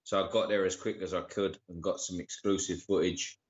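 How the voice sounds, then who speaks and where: A sweary man chats on a casual live stream and shouts out viewers by name. His voice sits fairly low. The audio is dull and lo-fi. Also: little pitch movement, fairly quick. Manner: sweary, greets viewers by name, uses slang like geezer and bruv. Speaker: livestream co-host.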